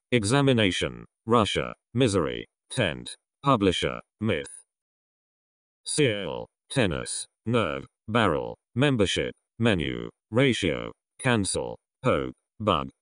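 A man reading a vocabulary list aloud, one word at a time in a slow, measured way. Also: sits low, very animated, a bit bright, no room sound, studio quality. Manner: slow, measured reading of single words with pauses.

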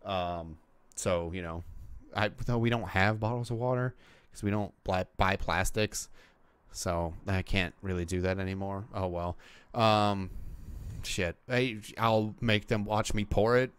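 A man's voice: on the low side, fairly even intonation, measured pace, smooth, no echo. A man hosting a solo podcast, chatting casually in a rambling way with lots of swearing and fillers. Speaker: podcast host. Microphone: podcast microphone.

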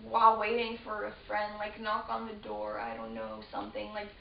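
A woman's voice: mid-range voice, moderate pace, creaky. A teenage girl telling a story to camera in a rambling, casual way, full of fillers and restarts. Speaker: vlogger. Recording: roomy, distant, dull lo-fi with faint hiss.

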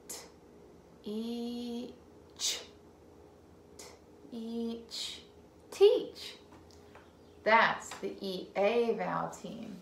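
A woman teacher leading a phonics game for young children, sounding out words slowly, repeating them and praising the child between turns. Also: fairly high pitch, creaky, fairly bright tone, reverberant, a little hiss or hum. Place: home room.

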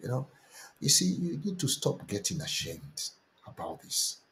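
A man preaching a sermon and telling a testimony in a slow, deliberate way with lots of repetition. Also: medium pitch, huge pitch swings, a bit bright, slight background noise.

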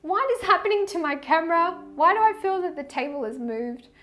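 High-voiced chatty woman. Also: lively intonation, brisk, sharp tone. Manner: chatty, effusive, laughs often, trails off mid-sentence. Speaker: tarot reader. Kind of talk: casual tarot reading to camera.

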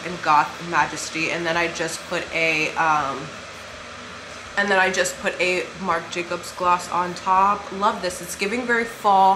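A woman's voice: fairly low pitch, noisy background. A woman around thirty chatting casually on her vlog, loose and rambling, swearing offhandedly and drifting into side comments. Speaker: beauty vlogger and makeup brand owner. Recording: echoey room with music playing.

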